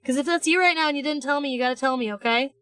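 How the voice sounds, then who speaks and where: Playful, fairly high-voiced woman. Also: racing, a bit bright, no room sound. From United States. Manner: playful, rambling, with restarts and teasing asides. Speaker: streamer. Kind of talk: casual live-stream chat while drawing.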